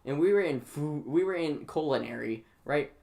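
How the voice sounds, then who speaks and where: Telling school stories on his stream, this teenage host rambles casually, restarting often and leaning on lots of fillers. He sounds high-pitched and expressive, with vocal fry and a slightly mellow tone, speaking at a normal speed.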